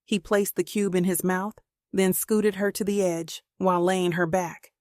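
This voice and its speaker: A woman reading a novel aloud in steady, unhurried scripted narration. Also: lowish voice, no room sound, studio quality. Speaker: audiobook narrator.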